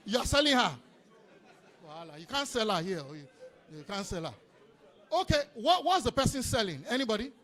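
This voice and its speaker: A man with a Nigerian accent giving an energetic business seminar talk, calling out to the audience and repeating his points. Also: sits high, normal speed, pauses often, a faint crowd. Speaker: business speaker. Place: conference hall before an audience.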